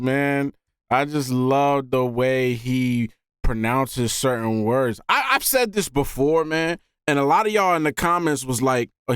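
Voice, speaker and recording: A man hosting a music reaction video, talking casually and excitedly and often saying "man". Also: a little high, clear, resonant tone, no room sound, studio quality. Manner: animated, often says "man".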